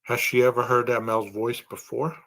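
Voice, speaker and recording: A man's voice: mid-range voice, level tone, fairly quick, a bit bright. A man hosting a true-crime podcast. He reasons aloud and poses long strings of rhetorical questions. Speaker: podcast host.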